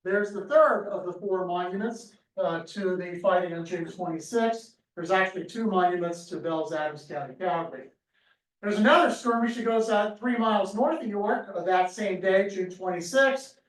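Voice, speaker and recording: High-voiced man giving a lively history talk. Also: normal speed. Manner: storytelling, acts out crowd cries. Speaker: history speaker. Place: lecture room. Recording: echoey room from far off.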